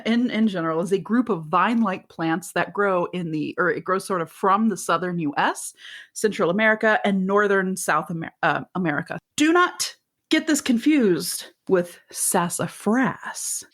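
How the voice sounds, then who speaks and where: A woman co-hosting a podcast in casual chat, rambling and giggly, with a fairly deep voice and free swearing. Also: lively intonation, normal speed, a bit bright. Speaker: podcast co-host.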